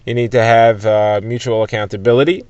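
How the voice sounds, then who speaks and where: Brief: man, mid-pitched, dry close mic, casual Talmud teacher explaining terms as he goes. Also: fairly even intonation, fairly quick, a little mellow, no echo, highs cut off. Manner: conversational retelling, glossing Hebrew terms in English. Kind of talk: daily Talmud lesson, explained for listeners driving.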